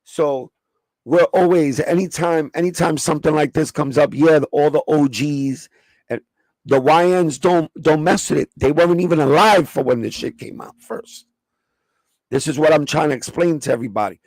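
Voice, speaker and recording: A man with a New York accent runs a loose, profanity-laced sneaker livestream and talks straight to his chat. His voice sits a little high and carries a gravelly edge. The sound is close and dry. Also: normal speed, darkish tone, dry recording. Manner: profane, streetwise, chatting with live viewers.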